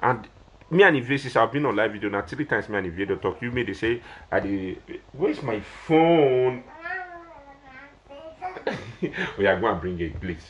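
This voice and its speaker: A man's voice: lowish voice, animated, moderate pace, lo-fi sound. A young man with a Nigerian Pidgin English accent, talking casually on a live video and pleading with listeners in a rambling, repetitive way. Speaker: social media personality.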